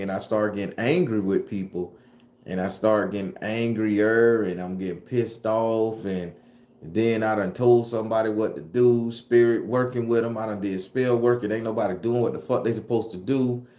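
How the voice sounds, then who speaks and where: His voice runs on the low side, dark in tone, at a normal speed. He's a southern Florida tarot reader with a Southern US accent, casually hosting a livestream and firing back at chat comments with loose, profane slang. It's recorded in an echoey room.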